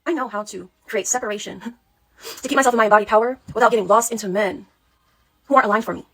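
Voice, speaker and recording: A woman's voice: medium pitch, fast, a bit bright, breathy edge. A woman speaking as a spiritual coach in a casual monologue, blunt, sassy and full of swearing.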